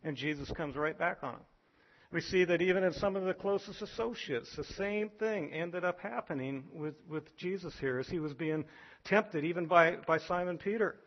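A man preaching a sermon as pastor, animated, acting out voices from scripture. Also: moderate pace, highs cut off. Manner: animated, acts out biblical voices with rising pitch.

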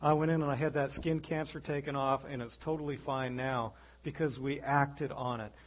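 A man preaching a sermon as pastor, animated, acting out the voices in his stories. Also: mid-range voice, normal speed, lo-fi sound.

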